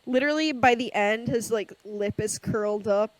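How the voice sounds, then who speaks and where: A woman's voice: a little high, normal speed, no echo, low-quality recording. A woman co-hosting a podcast in casual chat, sassy and self-mocking, often laughing. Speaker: podcast co-host.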